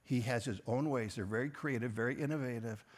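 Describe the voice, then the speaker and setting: A man preaching a sermon, earnest and personal, rising and swelling on key phrases and dropping soft at the ends of lines. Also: medium pitch, fairly quick. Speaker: pastor.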